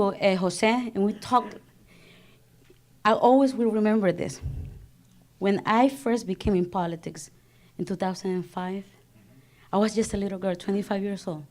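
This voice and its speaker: A woman's voice: mid-range voice, a little mellow. Salvadoran lady in her 30s, office director on a panel, fired up, slides between spanish and english, spanish-accented english. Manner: passionate, mixes Spanish and English. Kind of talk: panel speech.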